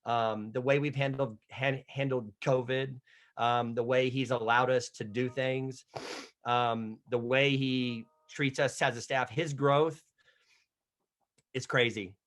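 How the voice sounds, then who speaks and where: Middle-aged man, stutters, casual storytelling, medium pitch. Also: steady tone, takes it slowly, a bit bright. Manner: stutters, with repeated starts; casual storytelling, acts out what others said. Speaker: head softball coach. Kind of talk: media availability, telling a story.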